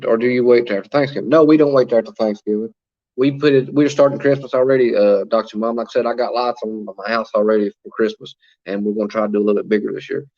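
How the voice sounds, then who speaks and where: A man's voice: lowish voice, fairly even intonation, fast talker, highs cut off. A man hosting a casual livestream, chatting and reading viewer comments aloud with plenty of fillers. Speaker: livestream host reading chat. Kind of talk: casual live-chat talk.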